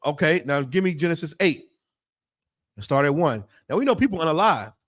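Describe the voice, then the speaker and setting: A man's voice: fairly high pitch, very animated, brisk, a bit bright. A man teaching a Bible law class in a blunt, profane preaching style full of rhetorical questions. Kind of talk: fiery preaching lesson.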